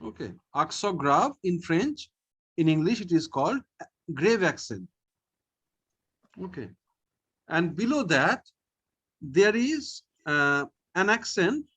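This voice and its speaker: Man, French teacher, slow and patient, lively rising and falling pitch, slightly husky. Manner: slow, patient, repeats each sound, often says okay. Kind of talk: online language lesson.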